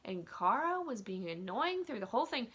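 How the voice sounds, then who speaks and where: Bright-voiced woman ranting casually. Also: on the high side, very animated, normal speed, husky. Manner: chatty, full of "like" and "um", opinionated. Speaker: vlogger. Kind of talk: casual rant. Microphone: phone.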